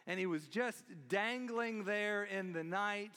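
Male pastor, high voice, storytelling sermon, church hall reverb. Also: slow pace, bright, forceful tone, smooth. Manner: storytelling, joking asides. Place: church sanctuary.

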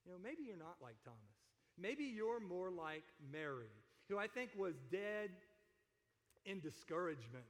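A man preaching a sermon in a conversational, animated way, often asking his listeners questions. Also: high voice, long reverb tail. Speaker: pastor.

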